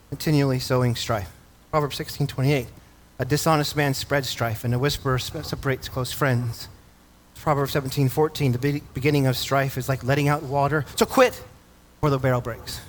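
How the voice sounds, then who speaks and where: A man's voice: medium pitch, slight background noise. A male pastor preaching a sermon, reading scripture and asking the congregation questions. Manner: earnest preaching, asks the congregation questions, reads scripture aloud.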